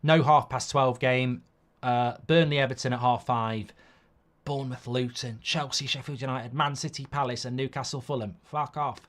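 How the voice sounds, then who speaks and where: A man's voice: medium pitch, fairly even intonation, normal speed, fairly bright tone. A middle-aged man, hosting a football watchalong in a rambling, sweary, casual live-stream chat.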